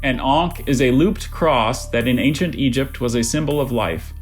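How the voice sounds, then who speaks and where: A spelling bee pronouncer reads words and definitions over a video call. The delivery is deadpan and the voice sits in a middle range, with faint music underneath. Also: mid-range voice, moderate pace.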